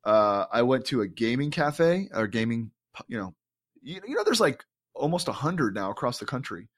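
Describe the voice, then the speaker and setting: A man's voice: mid-range voice, very animated, normal speed. A man co-hosting a podcast, telling an enthusiastic, rambling story in casual chat, full of fillers and restarts. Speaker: podcast co-host.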